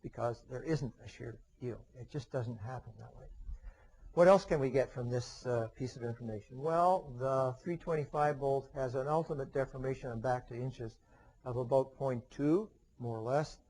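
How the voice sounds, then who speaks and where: A man's voice: mid-range voice, normal speed, a little mellow, rough recording. A man teaching a webinar lecture in a conversational way, with frequent fillers and restarts, often posing questions and then answering them himself. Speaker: engineering lecturer.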